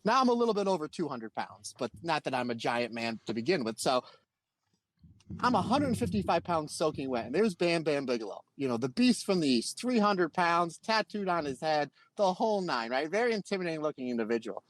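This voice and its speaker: A man's voice: a little high, a little fast, dry recording. A man from Pennsylvania co-hosting a podcast, telling a long story in casual chat and acting out the quotes. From Pennsylvania, USA. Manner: animated anecdote-telling with acted-out quotes. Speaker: podcast co-host.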